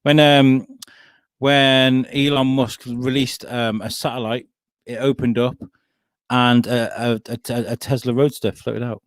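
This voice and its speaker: A man's voice: medium pitch, flat delivery, a little slow, no room sound, clean studio sound. A young man hosting a comedy podcast, bantering casually, swearing freely and laughing often.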